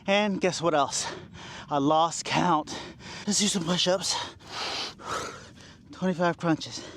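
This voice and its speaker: Forties male vlogger, winded from exercise, self-mocking pep talk, voice on the higher side. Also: slow, fairly bright tone, a little hiss or hum, rough recording. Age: 40s. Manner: self-deprecating, encouraging himself, sighs and laughs between sets. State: out of breath. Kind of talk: workout vlog talking to camera. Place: outdoors at a beach.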